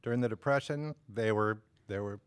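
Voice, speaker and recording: A man guesting on a studio talk show, relaxed and matter-of-fact with a dry sense of humor. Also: fairly low pitch, normal speed, clean tone, no room sound. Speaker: guest, cooking show host. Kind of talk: studio interview chat.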